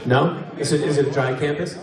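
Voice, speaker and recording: A young man doing stand-up crowd work, chatting and laughing with the audience. His voice echoes through a big venue, picked up from a distance, with loud crowd laughter rolling underneath. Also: on the high side, fairly even intonation, fairly quick. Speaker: stand-up comedian. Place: large venue with live audience.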